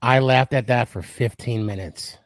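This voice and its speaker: A man's voice: mid-range voice, moderate pace. A man hosting a live podcast stream, chatting casually and laughing easily. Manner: laughs easily, friendly banter. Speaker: podcast host.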